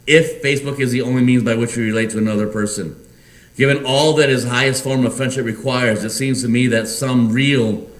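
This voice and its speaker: A man preaching a sermon as pastor in a church, earnest and conversational with asides. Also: medium pitch. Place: church sanctuary. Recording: echoey hall, mic at a distance, faint ambience.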